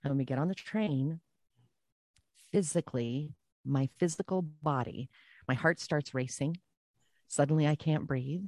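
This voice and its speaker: A woman guest telling a personal story in a casual podcast chat, animated and repeating phrases for emphasis. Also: low voice, a little slow, long pauses, no echo.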